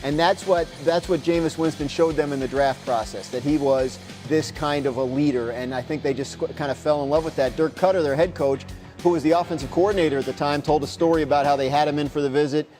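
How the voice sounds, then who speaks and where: Sports reporter guy rambling through his answers, kinda high voice, lots of restarts. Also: fairly even intonation, fast talker, a little mellow, faint music behind. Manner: rambling, many restarts and retold quotes. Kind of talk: conversational interview answers.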